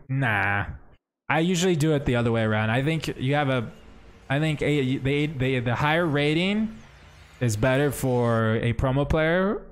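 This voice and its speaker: A young man streaming a game, chatting casually and thinking out loud as he plays. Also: medium pitch. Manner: chatty, thinks aloud, says bro and man. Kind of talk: casual livestream commentary.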